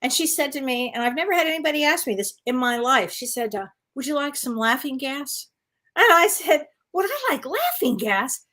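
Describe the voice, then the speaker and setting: A high-voiced woman tells a story with lots of energy and frequent laughter. She speaks as a psychic medium co-hosting a casual talk show. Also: fairly quick, pushed and bright.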